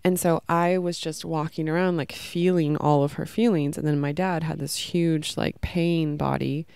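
A woman's voice: low-pitched, fairly even intonation, moderate pace, vocal fry, a little mellow, clear, resonant tone, no echo. A woman hosting a podcast, telling an emotional personal story in a rambling way with many fillers. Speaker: podcast host.

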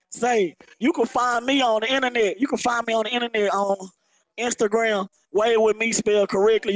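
Male rapper, hoarse after a show, hyped and boastful, high-pitched. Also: no room sound, rough recording. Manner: excited, boastful. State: hoarse from performing. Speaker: hip-hop artist. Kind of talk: casual interview talk. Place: music festival venue.

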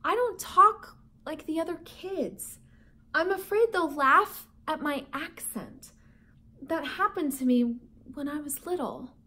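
A woman reading a storybook aloud, voicing a shy, gentle schoolgirl in a hushed, soft manner. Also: sits high, takes it slowly, heavily acted. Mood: worried.

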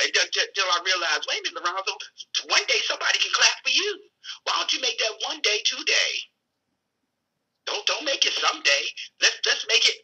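A man giving a fervent motivational pep talk, preacher-like and repeating phrases for emphasis, his voice hoarse and worn out. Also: high-pitched, pushed and bright, low-quality recording. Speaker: motivational speaker.

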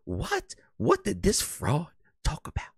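A man doing a comic impression of a famous console architect: a low, muttering voice, indignant and swearing. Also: huge pitch swings, slow, vocal fry, husky, no room sound, clean studio sound, full character voice. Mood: grumbling. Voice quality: low, muttering, mumbled under the breath.

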